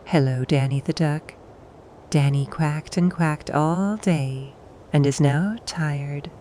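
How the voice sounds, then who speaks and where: A woman with a low, mellow voice tells a gentle bedtime story for toddlers at an unhurried pace. She speaks softly and soothingly, pausing now and then for the little listener to reply. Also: slight background noise. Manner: soft and soothing, pausing for the child to answer.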